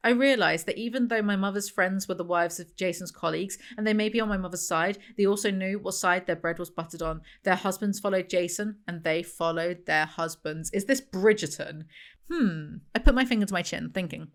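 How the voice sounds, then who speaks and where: A woman's voice: lowish voice, a little fast. A young woman reading passages from a novel aloud and mocking them with wry, sarcastic commentary as a book reviewer.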